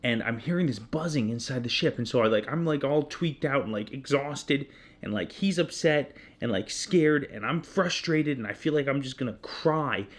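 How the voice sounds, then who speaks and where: At a normal speed and mid-range pitch, a man in his thirties who co-hosts a podcast tells a casual personal anecdote. He's open and self-deprecating, becoming animated when he acts out his own shouting.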